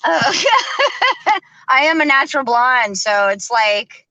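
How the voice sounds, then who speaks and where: A woman's voice: on the high side, lively intonation, takes it slowly, pushed and bright, dry recording, rough recording. A woman hosting a live stream in casual chat, chatty, laughing often and using lots of fillers. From American South.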